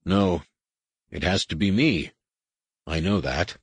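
A man's voice: low-pitched, slow pace, husky, dry recording, full character voice. Man reading as Luke Skywalker, urgent and pleading. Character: anxious young male Jedi husband.

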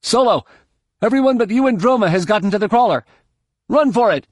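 A man voicing an urgent caller over a comlink, speaking loudly and in a rush, in an audiobook. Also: sits high, expressive, dry recording, voice pushed up. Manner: rushed, loud calling.

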